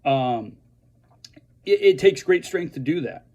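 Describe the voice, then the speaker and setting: A man who is a veteran speaks earnestly and haltingly to fellow veterans, restarting his sentences often. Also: a little high, lively intonation, darkish tone, highs cut off. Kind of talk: earnest direct-to-camera message.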